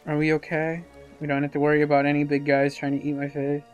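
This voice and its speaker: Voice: medium pitch, completely flat delivery, fast, a little mellow, clear, resonant tone, muffled recording, soft background music. A YouTuber giving casual, rambling commentary over a game playthrough, talking to himself about where to go. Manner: rambling, self-talking, hesitant fillers. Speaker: let's-play commentator.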